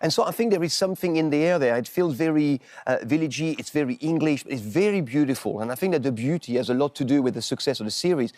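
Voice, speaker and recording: Guy on a morning show, quick and kinda high, rambly, dry sound. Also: darkish tone, no room sound. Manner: expansive, repeats "you know" and restarts. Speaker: maître d' guest on a TV show. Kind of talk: animated interview talk.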